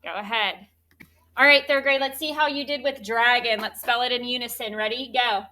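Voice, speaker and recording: Woman, teacher, bright crisp tone, slightly high, spells words out letter by letter. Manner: slow, clear, drawn-out letter-by-letter spelling. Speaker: third grade teacher. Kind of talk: classroom spelling lesson.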